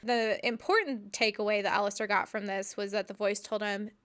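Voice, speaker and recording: A woman's voice: medium pitch, brisk, few pauses, clear, resonant tone. A young woman co-hosting a podcast, telling a story in casual chat with lots of fillers and cheerful swearing. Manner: animated, profane, trails off with fillers like "like". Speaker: podcast co-host.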